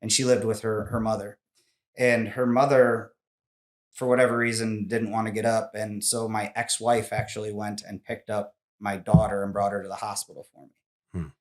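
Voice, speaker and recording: A man's voice: lowish voice, little pitch movement, normal speed. A man in his forties, a podcast guest, telling a personal story in casual interview talk, candid and emotional, with many restarts.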